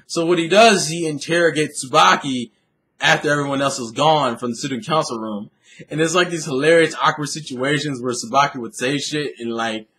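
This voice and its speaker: A man's voice: on the high side, a bit bright. A young man casually recapping an anime episode, rambling, swearing freely and laughing often. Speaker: anime reviewer.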